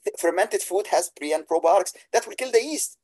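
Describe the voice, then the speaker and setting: A man speaks over a video call with a mellow, slightly husky voice. He teaches in a webinar and piles on praise. His English is slightly broken. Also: high voice, expressive, brisk, poor audio. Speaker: practitioner and instructor. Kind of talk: webinar talk.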